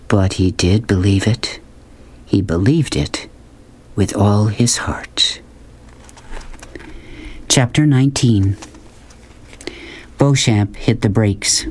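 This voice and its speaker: An audiobook narrator with a fairly low-pitched voice reads a novel aloud. His delivery is measured and expressive, in a storytelling manner.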